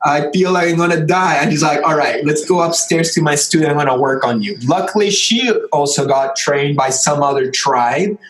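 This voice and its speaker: A man's voice: a little high, moderate pace, hardly any pauses, reverberant, low-quality recording. A man, a podcast guest, telling a long story casually, rambling with many fillers and acting out the voices of the people in it.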